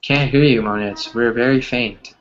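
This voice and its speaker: Male teacher, mid pitch, patient, keeps asking "right?", slightly muffled video-call audio. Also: steady tone, moderate pace. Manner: explains patiently, asks "right?" constantly. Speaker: English teacher. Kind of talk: online class teaching.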